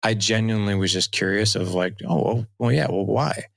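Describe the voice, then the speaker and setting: A man's voice: lowish voice, brisk, creaky, no room sound. A man in his forties, a dad coach guest on a podcast, chatting casually and acting out family conversations as he tells stories. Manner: animated storytelling, acts out dialogue. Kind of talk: casual interview talk.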